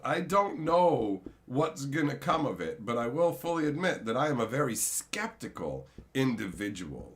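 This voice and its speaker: A man in his thirties chatting casually on a stream, sarcastic and jokey. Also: medium pitch. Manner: animated, jokey, sarcastic, swings into funny voices. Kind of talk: casual chat.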